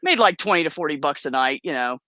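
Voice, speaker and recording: A woman guest telling stories in a casual conversation, animated and laughing often, acting out the voices of the people she quotes. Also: low voice, fast, no room sound, studio quality. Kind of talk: casual storytelling.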